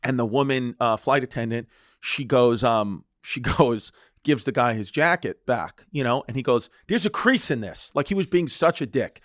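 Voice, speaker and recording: A man's voice: mid-range voice, normal speed, dry recording, studio quality. A man co-hosting a podcast, telling rambling, swearing anecdotes in casual comedic chat. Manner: rambling, swearing, restarts, laughing retellings. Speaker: podcast co-host.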